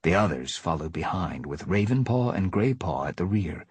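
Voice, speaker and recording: Husky-voiced man reading a story aloud. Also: low-pitched, moderate pace, dry recording. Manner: lively storytelling narration. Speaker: reader. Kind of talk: live reading of a novel.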